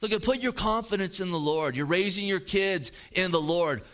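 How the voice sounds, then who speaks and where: A man's voice: sits high, normal speed, fairly bright tone. A middle-aged man preaching a sermon as pastor, earnest and emphatic, repeating phrases as he drives points home.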